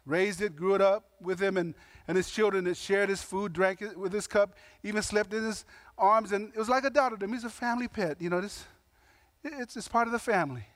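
A man's voice: sits high, brisk, a bit bright, dry recording, clean studio sound. A man preaching a sermon in a conversational, emphatic way, with slangy asides and voiced quotes. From Samoan heritage. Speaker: pastor.

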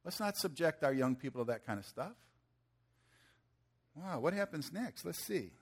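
Fifties guy preaching, kinda high voice, casual and chatty, throws questions at the crowd and acts out quotes in slang. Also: lively intonation, moderate pace, breathy edge. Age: 50s. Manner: conversational, asks the audience questions. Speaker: pastor. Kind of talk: sermon.

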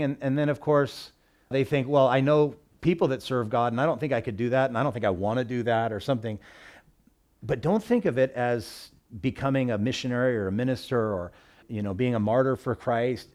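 Male pastor, mid-pitched, plainspoken, casual sermon delivery. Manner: relaxed, folksy, speaks with everyday work analogies. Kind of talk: conversational sermon.

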